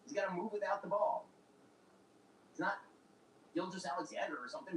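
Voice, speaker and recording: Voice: medium pitch, fast talker, pauses often. A commentator ranting indignantly and firing off rhetorical questions, heard as a played clip. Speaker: political commentator. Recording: echoey, distant, faint background noise.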